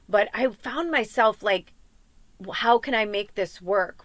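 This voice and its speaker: A middle-aged woman doing a casual pick-a-card tarot reading, wandering off into heartfelt, rambling asides. Her voice sits at an ordinary pitch and is recorded dry, with almost no room sound. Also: no room sound. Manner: rambling, chatty and heartfelt, with many fillers and asides. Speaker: tarot reader and podcast host.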